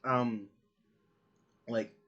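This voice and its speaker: Husky-voiced guy arguing casually. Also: mid-range voice, fairly even intonation, extremely slow, a bit bright, highs cut off. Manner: rambling, argumentative, laughs a lot. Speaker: podcast co-host. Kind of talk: casual chat.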